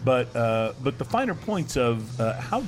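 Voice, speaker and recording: A man hosting a casual chat show, talking in a relaxed, halting way with many fillers and restarts. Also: medium pitch, faint music behind. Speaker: podcast host.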